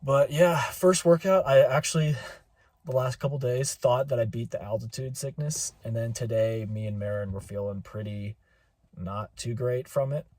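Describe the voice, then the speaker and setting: A man giving a relaxed, rambling travel update from his car, with lots of fillers. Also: mid-range voice, moderate pace, dry recording. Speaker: vlogger.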